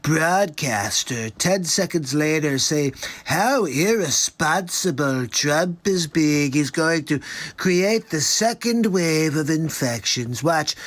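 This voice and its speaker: A man's voice: a little high, animated, slow pace, a bit bright. A boastful older politician, forever repeating himself and calling everything the greatest, played by a man doing a comic impression. The voice sits a little above the usual male range. The delivery is pure swaggering bluster. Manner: bragging, repetitive, superlative-heavy. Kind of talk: comedic celebrity impression on a livestream.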